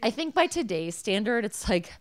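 A woman's voice: mid-range voice, sing-song, moderate pace, no echo. Woman, podcast co-host, casual chat, blunt, swears a lot, acts out quotes. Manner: acts out lines in quoted voices. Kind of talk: casual chat while watching a film.

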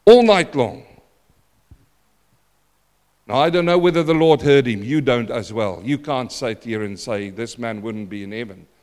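A man preaching a sermon in a church, dramatic and repetitive, swinging between loud outbursts and hushed asides. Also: mid-range voice, normal speed, hardly any pauses, long reverb tail.

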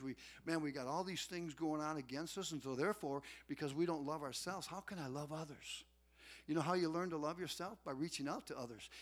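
High, bright-voiced man preaching a folksy sermon. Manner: folksy, animated preaching with rising shouts. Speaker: pastor.

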